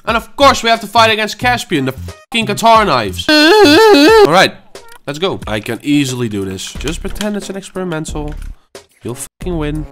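A man's voice: on the high side, very animated, fairly quick, pushed and bright, soft background music. A man in his twenties at home, swearing and ranting in frustration while commenting on his own gameplay. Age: 20s. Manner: angry, swearing, frustrated muttering. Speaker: gaming channel host.

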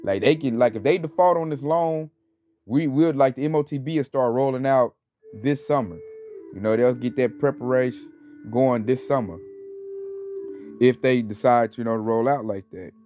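A religious teacher with a dark tone and medium pitch talks at a moderate pace, rambling informally and stressing words scornfully between fillers. The recording is dull and lo-fi, with faint music.

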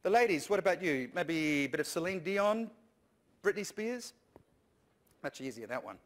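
Brief: upbeat male keynote speaker, fairly high voice, joking and urging the crowd on. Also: normal speed. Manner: lively, jokey, coaxing the audience. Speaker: conference speaker. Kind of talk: humorous keynote talk.

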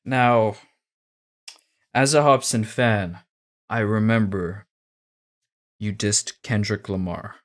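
Male reaction host, lowish voice, chatty and analytical about rap lyrics. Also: steady tone, slow, long pauses. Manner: chatty, breaks down rhymes and wordplay. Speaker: music reaction streamer. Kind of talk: casual reaction commentary.

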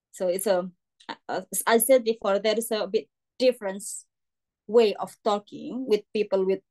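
A young woman with an Indonesian accent, giving a casual guest lecture, chatty, with many "like" fillers and greetings acted out in a high voice. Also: a little mellow. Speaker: guest speaker.

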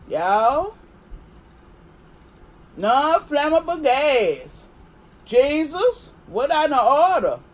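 A woman hosting her own vlog, talking viewers through a casual unboxing review and chatting to them constantly. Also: sits high. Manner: chatty, keeps addressing viewers as y'all. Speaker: vlog host.

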